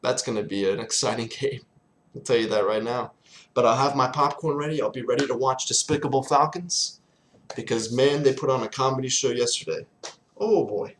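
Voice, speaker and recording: A man's voice: mid-range voice, brisk, slight background noise. A young man ranting in a casual vlog, exasperated, sarcastic and swearing often. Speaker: sports fan vlogger.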